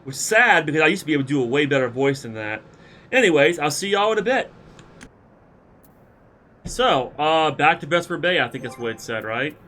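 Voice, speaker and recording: A man's voice: a little high, very animated, a little fast, long pauses, bright, forceful tone. Congested man chatting on a game stream. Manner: rambling, with filler and throat-clearing. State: sick with a cold, congested. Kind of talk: casual game-stream commentary.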